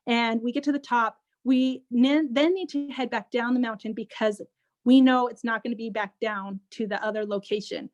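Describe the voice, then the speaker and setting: A woman, a social worker, telling a personal story as an interview guest in an animated, conversational way. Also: a little high, moderate pace, highs cut off. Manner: animated, acts out others' speech.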